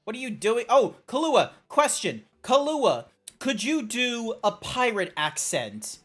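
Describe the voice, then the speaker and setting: A man's voice: very high-pitched, big pitch swings, takes it slowly, fairly bright tone, soft background music. A man streaming a game, chatting casually and rambling through joking tangents. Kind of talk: casual live-stream chat.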